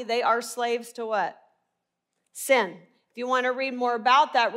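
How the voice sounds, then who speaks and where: On the high side and fairly bright in tone, the voice belongs to a middle-aged Arkansas woman with a Southern American twang. She teaches the Bible earnestly and emphatically, often asking listeners rhetorical questions.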